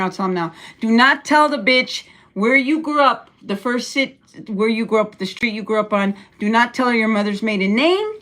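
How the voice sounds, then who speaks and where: Older woman, livestream host, blunt profane ranter, slightly high voice, at-home mic sound. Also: fairly bright tone. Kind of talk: casual livestream rant. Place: room at home.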